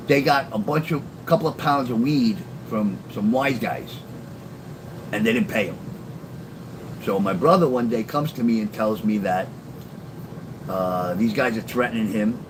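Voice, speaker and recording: A man's voice: medium pitch, background noise. An older man, telling blunt, profane street stories on a phone live stream. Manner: blunt and profane, acts out quoted lines loudly. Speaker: live-stream storyteller reading his memoir. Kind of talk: casual storytelling.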